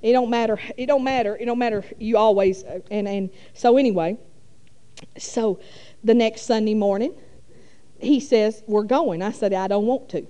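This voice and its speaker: Middle-aged woman, warm mellow tone, folksy rambling church testimony. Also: on the high side, unhurried. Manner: folksy rambling with many fillers. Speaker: church speaker. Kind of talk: testimony storytelling.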